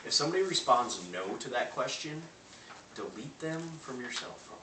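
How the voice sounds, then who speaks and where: A man giving a loud, punchy sales pep talk to a live audience, acting out phone calls. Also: mid-range voice, animated, normal speed. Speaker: motivational speaker. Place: large room before a live audience. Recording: echoey hall from far off, faint noise.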